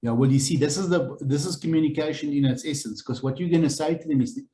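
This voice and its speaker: A man's voice: a little high, fast, mellow. A man giving a blunt, informal training talk to property agents, acting out phone calls with clients. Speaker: real estate agency principal training agents. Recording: echoey room, faint noise.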